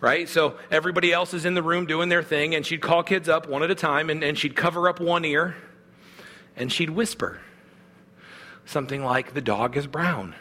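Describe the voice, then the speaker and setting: Bright-voiced man preaching in a hall. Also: on the high side, steady tone, normal speed. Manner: earnest, conversational preaching with restarts. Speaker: pastor. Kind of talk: sermon.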